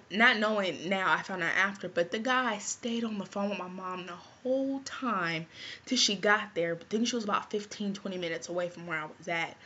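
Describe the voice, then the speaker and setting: A woman's voice: medium pitch, pushed and bright, slightly rough. A woman vlogger telling a personal story to her viewers in a casual, chatty way, often checking in with "right?". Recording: dull lo-fi recording.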